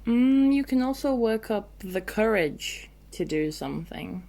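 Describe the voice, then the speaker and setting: Slow, thoughtful woman co-host. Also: mid-range voice, animated, gravelly, mellow. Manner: slow and thoughtful, hesitant fillers. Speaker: podcast co-host. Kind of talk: casual teaching chat.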